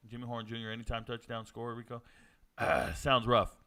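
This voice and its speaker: Bright-voiced man joking with his chat. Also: medium pitch, normal speed, smooth. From Georgia. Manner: joking banter with chat, excited outbursts. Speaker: streamer hosting a watch party. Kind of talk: casual live-stream commentary.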